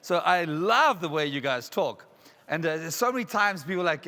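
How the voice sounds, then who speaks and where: A man from South Africa with a South African accent, giving an energetic, jokey motivational talk at a conference. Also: fairly high pitch, moderate pace. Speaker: keynote speaker. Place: large resort conference hall. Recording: reverberant hall.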